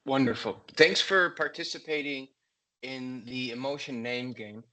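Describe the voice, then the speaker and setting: A man facilitating a workshop on a video call, asking measured debrief questions. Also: medium pitch, sharp tone.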